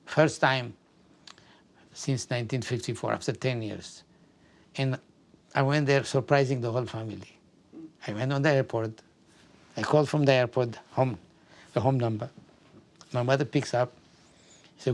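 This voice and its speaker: An older man from Afghanistan, telling his life story in an oral history interview, halting and often repeating words. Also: mid-range voice, fairly even intonation.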